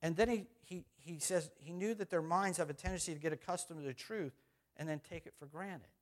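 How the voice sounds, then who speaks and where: A man's voice: fairly high pitch, a little fast. A middle-aged man preaching a conversational sermon as pastor, repeating phrases and putting questions to the congregation.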